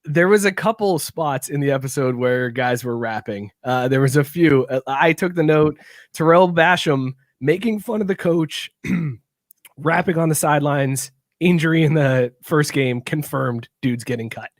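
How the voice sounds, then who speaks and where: A man's voice: a little high, a little slow, no room sound, studio quality. A man co-hosting a casual sports podcast, mocking players and laughing between jokes. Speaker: podcast co-host.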